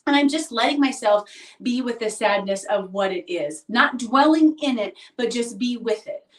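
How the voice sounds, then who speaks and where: Woman, thirties, confiding vlog monologue; higher voice, recorded from a distance in an echoey room. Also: expressive, normal speed. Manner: earnest, confiding, often asks "right?". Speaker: vlogger. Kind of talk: reflective personal monologue. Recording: roomy echo, distant mic.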